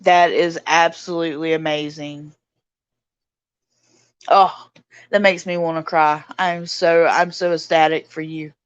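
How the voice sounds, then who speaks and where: A woman hosting a casual livestream chat, reading out viewer comments and answering them warmly. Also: low-pitched, little pitch movement, unhurried, pauses often, smooth, dry recording, dull audio. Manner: warm, reads out viewer comments and greets chatters. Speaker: livestream host.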